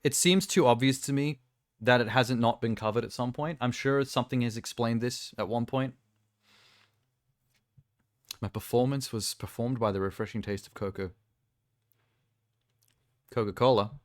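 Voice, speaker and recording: A man's voice: mid-range voice, normal speed, pauses often, no echo, studio quality. A man streaming live, chatting casually in a rambling, ranting way and laughing at himself. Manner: rambling, ranting, self-amused.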